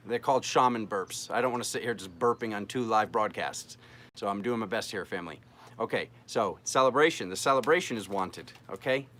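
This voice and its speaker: A man's voice: lowish voice, brisk, fairly bright tone, slight background noise. A man hosting a live-streamed tarot reading, chatting playfully and joking with his viewers as he works through the cards.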